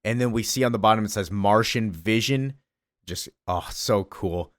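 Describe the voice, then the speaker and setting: A man recapping a comic book in a casual, excited way, gushing about it with lots of fillers. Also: on the low side, moderate pace, no room sound, clean studio sound.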